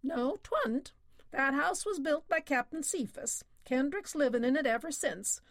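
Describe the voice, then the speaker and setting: A woman's voice: high voice, animated, measured pace, no room sound, clean studio sound, pitched above the performer's own voice. A woman voicing a very old, small village storekeeper who answers in curt, drawling country speech. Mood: gruff.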